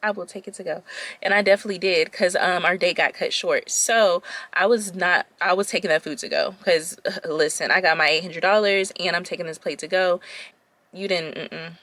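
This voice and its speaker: A woman's voice: on the low side, brisk, no echo. Chatty woman telling a story. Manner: chatty, animated, talks straight to the viewers. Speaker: vlogger telling a dating story. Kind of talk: casual storytime chat.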